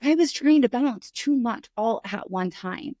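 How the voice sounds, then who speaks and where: A middle-aged woman, a podcast guest, telling a candid story in conversation, lively and acting out the voices in it. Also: fairly high pitch, moderate pace, dry recording, studio quality. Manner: animated, acts out voices in her stories.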